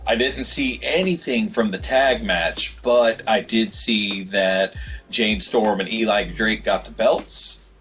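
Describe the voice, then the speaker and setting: A man's voice: on the low side, slow, rough recording. A young man co-hosting a podcast, rambling and swearing freely as he retells things. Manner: rambling, swears freely, quotes others in animated bits. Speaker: podcast co-host. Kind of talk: casual chat.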